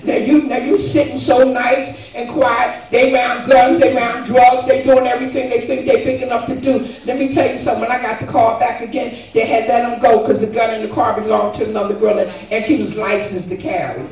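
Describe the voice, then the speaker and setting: A woman's voice: a little high, steady tone, a little fast, hardly any pauses. An older woman giving a fervent, emphatic church testimony. She keeps asking her listeners "guess what" as she talks. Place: church sanctuary. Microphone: distant room mic. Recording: echoey church from far off, faint music.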